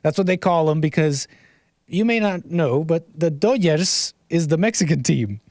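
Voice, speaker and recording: An American man hosting a casual livestream, rambling and animated as he chats and reads comments aloud. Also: fairly high pitch, moderate pace, no room sound, studio quality. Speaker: livestream host.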